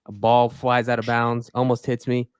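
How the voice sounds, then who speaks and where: A man's voice: mid-range voice, monotone, moderate pace, clear, resonant tone, dry recording, studio quality. A man co-hosting a sports podcast, telling a short bit in a hesitant, laid-back way. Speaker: podcast co-host. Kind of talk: casual chat.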